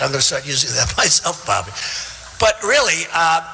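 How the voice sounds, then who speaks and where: A man in his seventies campaigns before a large theater crowd in a fairly high, sing-song voice that is a little fast, gravelly, bright and forceful. The candidate's rally speech boasts and rambles, circling back on itself with asides to the listeners, heard through a theater PA with long hall reverb.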